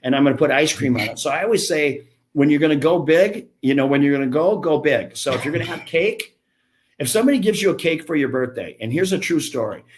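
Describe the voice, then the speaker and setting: A man in his fifties, founder of a gym franchise, guests on a casual podcast with blunt, gabby stories that mock himself. His voice is fairly high, animated and quick, and a faint hiss or hum runs under the recording.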